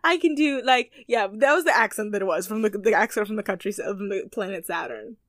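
A young woman co-hosting a casual recap chat, animated and playful, laughing often. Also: mid-range voice, a little fast, no echo, studio quality. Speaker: podcast co-host.

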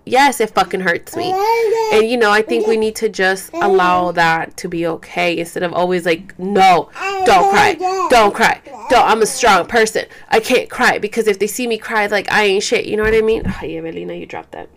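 A young woman vlogger talks candidly to the camera at home while caring for a baby, her mid-range voice brisk over a noisy crowd. She speaks in a loose, casual way, full of fillers and swearing.

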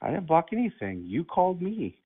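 A man making a prank call, calmly feigning innocence and mocking the other side. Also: fairly high pitch, brisk, slightly rough. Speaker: prank caller. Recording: tinny phone line.

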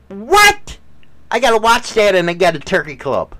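A middle-aged man trades teasing jokes with his wife in loose, casual banter. His voice sits high and swings widely in pitch as he plays up mock-chauvinist bits. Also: very animated, normal speed, a bit bright. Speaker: podcast co-host.

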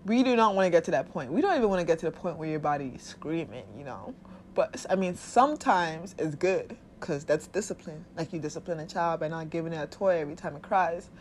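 A woman's voice: low voice, expressive, fairly quick, slight background noise. Blunt, foul-mouthed woman giving advice. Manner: blunt and profane, with frequent laughs; acts out quoted voices of body and soul. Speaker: spiritual self-help speaker. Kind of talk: casual advice monologue.

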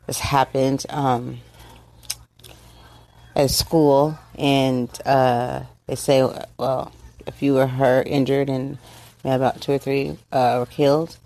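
A middle-aged woman from the United States, hosting a casual monologue, speaking emotionally and haltingly with many fillers and restarts, tearful. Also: a bass voice, flat delivery, warm tone. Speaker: host. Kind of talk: casual monologue on current events.

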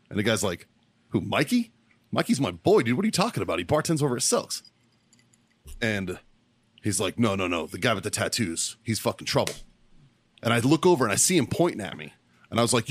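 Loud, swearing man. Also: medium pitch, fairly quick, long pauses, slightly rough. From Baltimore, Maryland. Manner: loud, swearing, animated storyteller. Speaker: podcast co-host. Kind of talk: profane storytelling among friends.

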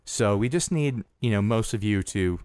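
A man's voice: fairly low pitch, expressive, moderate pace, a little mellow, clean tone, no room sound. Earnest rambling man on a dry podcast mic. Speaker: podcast co-host. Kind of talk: casual podcast chat.

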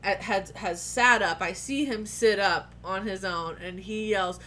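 A woman's voice: medium pitch, measured pace, bright, forceful tone, slight background noise. A woman telling a personal story in casual chat, candid and profane, often laughing as she talks.

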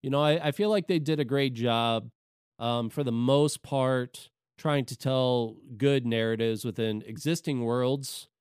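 A man's voice: mid-range voice, measured pace, a little mellow, clear, resonant tone, no room sound, studio quality. A man co-hosting a podcast, chatting casually about video games with lots of fillers and restarts. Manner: rambling, with many fillers and restarts. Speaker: podcast co-host.

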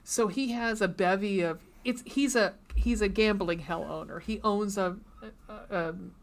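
A woman's voice: mid-range voice, normal speed. A woman co-hosting a podcast, chatting casually and gushing about books, swearing freely. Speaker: podcast co-host.

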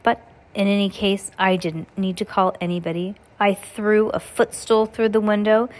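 Fussy anxious old aunt voiced by a woman, prim, scolding, high and fretful, storybook reading. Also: steady tone, moderate pace, close to an everyday voice. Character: fussy anxious older woman guardian, stern about grammar.

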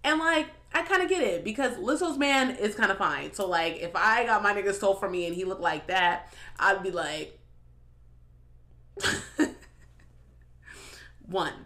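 A woman's voice: medium pitch, lively intonation, normal speed, sharp tone. A woman hosting a podcast, chatting casually with lots of laughs, profanity and filler "like"s. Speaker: podcast host. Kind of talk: casual chat commentary.

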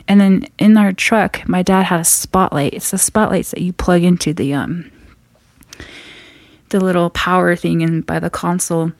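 A woman telling a frightening personal story in an earnest, halting way, often restarting her sentences. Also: lowish voice, fairly even intonation, no echo, studio quality.

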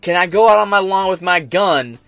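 A man's voice: high voice, brisk, a bit bright, clear, resonant tone, dry recording, soft background music. Profane American man ranting. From United States. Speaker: podcast host. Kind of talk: casual reaction commentary.

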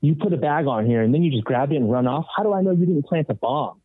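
A man doing a loud, accusing middle-aged passenger. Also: fairly high pitch, animated, fast, breathy edge, no echo, narrow, tinny audio, pitched above the performer's own voice. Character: suspicious fifty-ish male passenger, accusing.

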